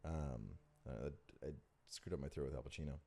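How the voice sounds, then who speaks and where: A man chatting casually as a podcast guest, relaxed and jokey, now and then slipping into silly voices. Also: very deep voice, moderate pace, vocal fry. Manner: laid-back, drops into silly voices. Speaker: guest voice actor.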